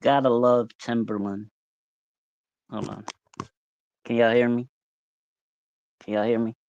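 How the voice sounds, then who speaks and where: A man hosting a casual livestream, relaxed and rambling, greeting viewers by name as they join. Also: mid-range voice, takes it slowly, no room sound. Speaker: livestream host. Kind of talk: casual live-stream chat. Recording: dull, lo-fi, dry sound.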